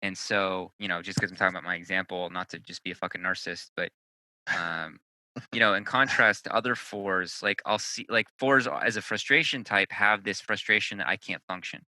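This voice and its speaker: Man with a bright, forceful voice. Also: deep voice, a little fast, no room sound, rough recording. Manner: loose and profane, thinks aloud. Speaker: podcast co-host. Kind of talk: casual chat.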